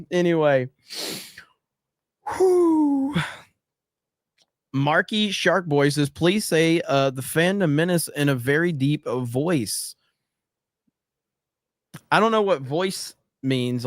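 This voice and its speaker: A man hosting a livestream, reading chat messages and riffing on them in a loose, swearing, laugh-prone way. His voice sits a little high for a man. The sound is dry and close, with no room echo. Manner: loose and profane, laughs often. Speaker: podcast host reading viewer chats.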